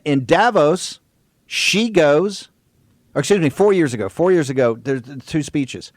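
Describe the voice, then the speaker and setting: A man hosting a political talk radio show, forceful and quick to cut in on his guests. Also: mid-range voice, dry recording, clean studio sound. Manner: forceful, interrupts guests, rapid asides. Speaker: host.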